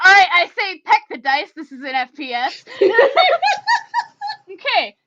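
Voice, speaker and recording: Casting: woman game master, slightly high voice, casual and giggly, muffled lo-fi recording. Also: animated, unhurried, heavy background noise. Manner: giggly, casual with many fillers. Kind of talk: narrating a tabletop role-play.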